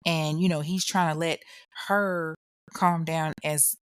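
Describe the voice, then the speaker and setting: A woman's voice: sits low, steady tone, takes it slowly, dry recording, studio quality. A woman hosting a podcast, telling a true crime story in a chatty, slangy way and talking straight to the listener. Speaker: podcast host.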